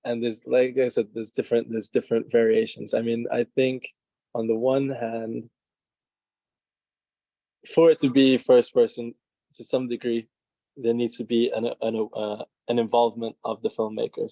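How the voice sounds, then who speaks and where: A man's voice: mid-range voice, little pitch movement, normal speed, gravelly, dark tone, no echo. A man who is a filmmaker and the guest, talking on a video call, hesitant, with many fillers and restarts. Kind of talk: casual conversational interview.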